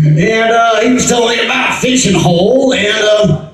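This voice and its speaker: A man's voice: high voice, normal speed, a bit bright, recorded from a distance, faint music behind. A man from the US East Coast doing a rambling stand-up set, interrupting himself and laughing at his own jokes. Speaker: stand-up comedian. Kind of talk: open-mic stand-up set. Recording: echoey venue, mic from afar.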